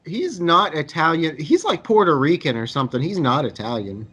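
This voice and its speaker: A man's voice: on the high side, big pitch swings, moderate pace, sharp tone, slightly rough. A man co-hosting a casual movie review podcast, easygoing and hesitant, full of fillers. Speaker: podcast co-host. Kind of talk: casual movie review banter over beers.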